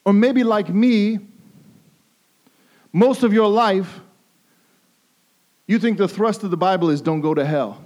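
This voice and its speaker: High-voiced man preaching emphatically. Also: slow pace, pauses often, darkish tone. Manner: emphatic, repeats phrases for emphasis. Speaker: pastor. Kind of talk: sermon.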